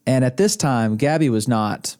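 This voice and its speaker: In a podcast studio room, the host's husband, an Arkansas man, chats casually as a guest, spinning meandering stories. He speaks at normal speed in a mid-range, darkish voice, chuckling often and frequently starting sentences over.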